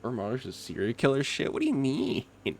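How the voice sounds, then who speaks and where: A man's voice: mid-range voice, huge pitch swings, a little fast, creaky, slight background noise. A young man chatting casually with his livestream chat while gaming, laughing often and reacting to comments. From not from Kentucky. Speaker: streamer.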